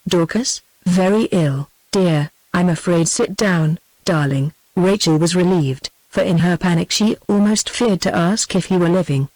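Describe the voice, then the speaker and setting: A synthetic text-to-speech woman's voice with a British English accent, narrating a classic novel in an even, machine-read way. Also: on the low side, dry recording, low-quality recording. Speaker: audiobook narrator.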